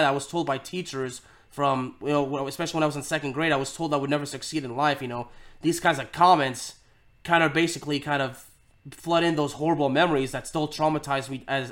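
A man's voice: fairly high pitch, fairly bright tone. A man of thirty hosting his own podcast, talking in a rambling, emotional way and often repeating words. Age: 30s. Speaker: podcast host. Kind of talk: heartfelt casual monologue.

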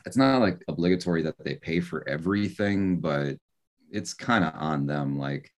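A man's voice: a bass voice, animated, normal speed. A man giving his opinions in casual podcast chat, using a lot of "like" as filler. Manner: opinionated, filler-heavy commentary.

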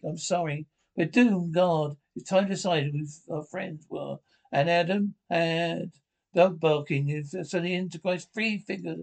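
Male reader, slightly high voice, reads each line of a drama straight and calls out the sound cues and who is speaking in between. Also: vocal fry, darkish tone.

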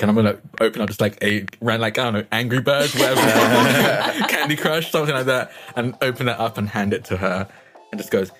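A man's voice: medium pitch, fairly quick, fairly bright tone. A man playing his character in a tabletop game, rambling with lots of fillers. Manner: rambling with many fillers and likes. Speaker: player.

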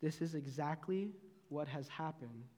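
A young man, an intern, preaching a youth sermon with an animated, laughing personal story. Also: a little high, a little slow. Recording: long hall reverb.

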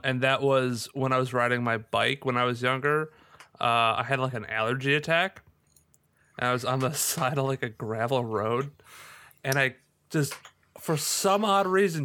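Bright, chatty man on a dry mic. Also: medium pitch, no room sound. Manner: chatty, self-mocking, laughs often. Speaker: podcast co-host. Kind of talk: casual chat.

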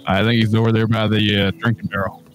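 A man speaking in character at a tabletop game, hesitant and halting as he finds his words. His voice sits somewhat low, with faint music underneath. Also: flat delivery. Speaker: player. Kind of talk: in-character tabletop role-play.

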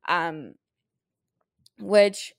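A woman's voice: lowish voice, drawn-out words, vocal fry, no room sound, studio quality. Gushing young woman, chatty podcast host. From Canada. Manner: chatty, filler-heavy, gushing and emotional. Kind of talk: casual solo podcast chat.

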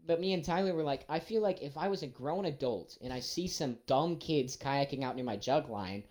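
Young guy ranting a story to his buddy, voice jumps all over when he does quotes. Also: fairly quick. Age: young adult. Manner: animated, acts out quotes with big pitch jumps. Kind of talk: casual storytelling chat.

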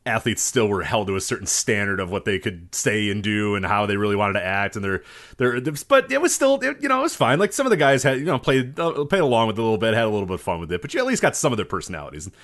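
Fast-talking lively man. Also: lowish voice. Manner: animated, laughs, does mock voices. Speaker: podcast co-host. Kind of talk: casual chat.

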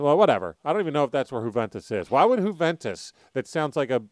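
A man's voice: on the high side, very animated, quick pace, dry recording, clean studio sound. A man with a Philadelphia accent co-hosting a podcast, talking sports bets in a brash, profane, joking way. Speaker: podcast co-host. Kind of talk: casual sports betting chat.

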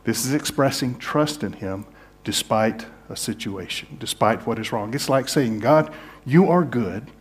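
A man's voice: lowish voice, normal speed. Earnest male pastor preaching a sermon. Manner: earnest, shifts from hushed to emphatic. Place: church sanctuary.

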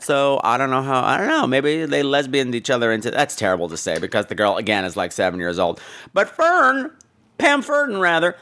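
A man hosting a podcast, giving a campy, profane and animated comedic film review. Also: high voice. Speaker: podcast host.

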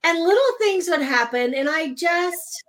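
A middle-aged woman from Oklahoma telling her personal story in conversation, animated and laughing between lines. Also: very high-pitched, unhurried, low-quality recording.

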